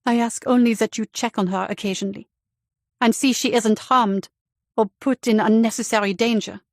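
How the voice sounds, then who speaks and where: A woman's voice: fairly high pitch, fairly even intonation, moderate pace, no echo, clean studio sound, natural voice. A woman reading the part of a young housekeeper who speaks carefully and earnestly. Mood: pleading. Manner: careful, pleading.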